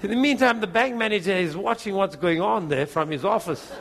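A man with a notably high voice shares a testimony as a preacher. He tells it as an animated story and often breaks into a chuckle. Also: brisk, crowd noise. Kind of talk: testimony in a sermon.

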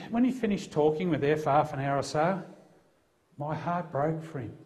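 A middle-aged Australian man, a Christian police officer, telling an emphatic testimony as a preacher. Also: on the high side. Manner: earnest, emphatic storytelling.

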